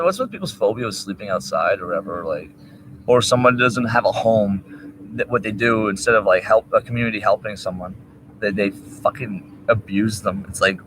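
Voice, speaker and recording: A man talking while high, rambling and swearing in a loose monologue outdoors. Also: fairly bright tone, slight background noise, low-quality recording. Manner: rambling, profane, laughing asides. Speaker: vlogger.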